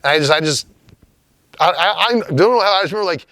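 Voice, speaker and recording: A young man from Los Angeles tells a story in a casual interview, his speech loose, profane and full of restarts. His voice sits a little high for a man. The sound is dry and close, with almost no room around it. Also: quick pace, dry recording. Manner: profane, rambling, animated. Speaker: graffiti writer.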